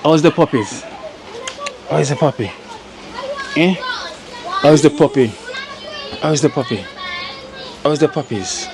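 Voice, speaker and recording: A Jamaican woman with a low, unhurried voice chats casually and teasingly, repeating short phrases. Steady noise sits behind her outdoor recording. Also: a crowd in the background. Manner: teasing, repeats herself, talks to dogs. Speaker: vlogger. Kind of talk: casual chat.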